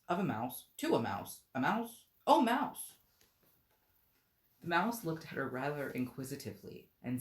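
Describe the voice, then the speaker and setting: Woman streamer, very low voice, animated reading, echoey room. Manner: unhurried, self-deprecating asides. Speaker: streamer reading a book aloud. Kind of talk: storybook read-aloud on a live stream. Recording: roomy echo.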